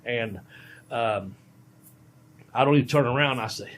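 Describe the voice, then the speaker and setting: A man's voice: mid-range voice, measured pace, slight background noise. Middle-aged man, casual podcast storytelling, rambling, lots of fillers and restarts. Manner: rambling, many ums and restarts. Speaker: podcast co-host and veteran pro wrestler.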